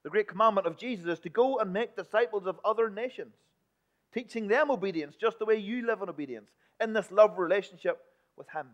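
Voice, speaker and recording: A man preaching a sermon in a church, emphatic one moment and hushed the next. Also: high voice, fairly quick. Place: church building. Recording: dull lo-fi recording.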